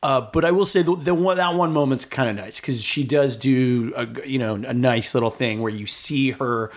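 A man co-hosting a film podcast, with a voice of ordinary pitch. He talks in a loose, rambling way, often breaking off and correcting himself mid-thought. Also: moderate pace. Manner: rambling, self-interrupting. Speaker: podcast co-host. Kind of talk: casual film discussion.

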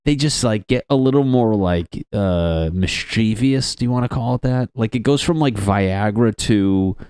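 A man's voice: lowish voice, a little slow, darkish tone, clear, resonant tone, no echo, clean studio sound. A man doing a casual, crude comedic monologue as a podcast host, rambling and laughing at his own jokes.

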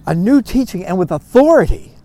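A man's voice: sits high, big pitch swings, fairly quick, warm tone. A man voicing astonished townsfolk. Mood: amazed. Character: amazed synagogue crowd of townsfolk.

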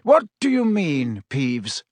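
Brief: man playing a calm, quiet elderly headmaster in a storybook, raised pitch, lively. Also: slow, dry recording, heavily acted.

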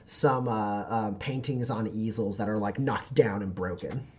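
Rambling game master, full of fillers. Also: male voice, on the low side, a little slow, a little mellow. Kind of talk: narrating a tabletop game.

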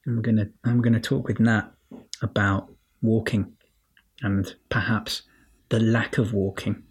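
A man's voice: fairly low pitch, flat delivery, a little slow, husky. A man hosting a podcast on his own, chatting playfully and wryly and firing off rhetorical questions at his listeners. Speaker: podcast host. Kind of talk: casual solo monologue.

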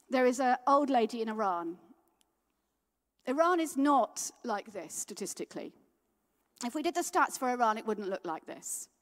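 A woman giving a guest sermon, telling stories in a lively, rousing and heartfelt way. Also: fairly high pitch, long reverb tail. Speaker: guest preacher.

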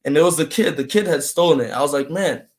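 A young man from Brazil, a native Portuguese speaker, telling his story in a casual interview, animated and full of "man" and "like". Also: on the high side, quick pace. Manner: animated, acts out voices in quotes, fills with "man" and "like". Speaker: guest.

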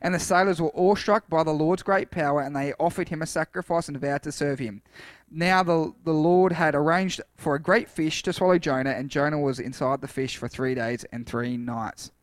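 A man's voice: a little high, moderate pace, no echo, studio quality. A man preaching a casual sermon, reading Bible passages aloud and breaking off for chatty asides. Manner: reads scripture aloud with dramatic shouts for quoted lines, chatty asides.

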